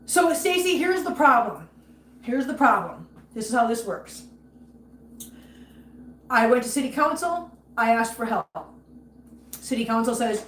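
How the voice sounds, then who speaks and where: A woman with a fairly high voice rants angrily through a casual livestream and breaks off to greet her viewers by name. She is recorded in an echoey room with a faint hum of ambience behind her. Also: very animated, unhurried, pauses often. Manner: angry ranting, greets viewers warmly by name. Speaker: livestream host.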